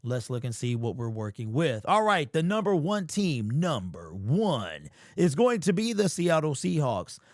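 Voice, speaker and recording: A man hosting a sports fan vlog, talking in casual, animated commentary with slangy, emphatic exclamations. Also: a little high, a little slow, few pauses, dry recording, studio quality. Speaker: sports fan channel host.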